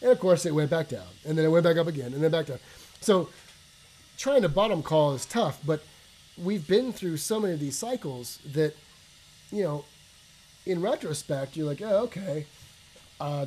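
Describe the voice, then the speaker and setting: A man's voice: a little high, low-quality recording. A man co-hosting a casual chat from his basement, telling stories animatedly with casual swearing and lots of restarts. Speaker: co-host. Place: home basement. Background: faint hum of a water softener.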